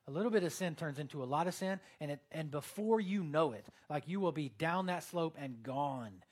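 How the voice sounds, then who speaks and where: A man's voice: on the high side, animated, moderate pace, darkish tone. A man preaching a sermon in a casual, conversational way, with lots of fillers and quoted asides. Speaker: pastor.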